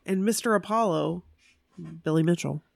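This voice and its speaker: A woman excitedly recounting a concert to a friend in casual chat, gushing and animated. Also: fairly low pitch, normal speed, vocal fry, no room sound. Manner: animated, gushing fan storytelling.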